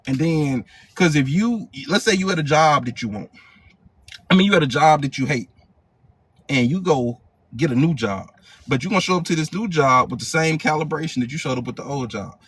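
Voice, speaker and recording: A man's voice: fairly high pitch, lively intonation, a little fast, fairly bright tone, breathy edge. Emphatic man coaching in casual slang. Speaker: hypnotherapy coach. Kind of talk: live motivational training.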